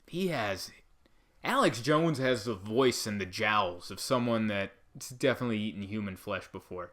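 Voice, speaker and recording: A man hosting a comedy podcast, riffing through rambling stories in an animated way. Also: on the low side, normal speed.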